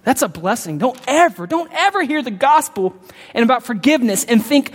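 A man preaching a sermon in a conversational way, breaking into sudden emphatic high-pitched bursts and often calling out to the congregation. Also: big pitch swings, a little fast. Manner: frequent call-outs to the congregation. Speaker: pastor. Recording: long hall reverb.

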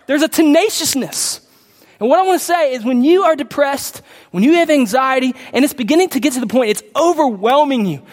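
A man preaching a sermon as pastor, impassioned, swinging from loud emphatic peaks down to low quiet asides. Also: expressive, a little fast, big-room sound.

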